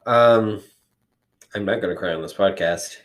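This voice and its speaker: A man with a fairly low voice co-hosts a laid-back podcast. He rambles in casual chat, full of ums and restarts, and swears now and then for emphasis. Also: unhurried. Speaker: podcast co-host.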